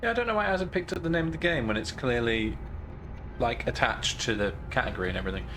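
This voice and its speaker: A man's voice: mid-range voice, expressive, quick pace, fairly bright tone, a little hiss or hum. A man giving casual, joking commentary while streaming a video game. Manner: chatty, joking, sarcastic. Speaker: gaming streamer. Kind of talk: casual let's-play commentary. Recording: game music behind.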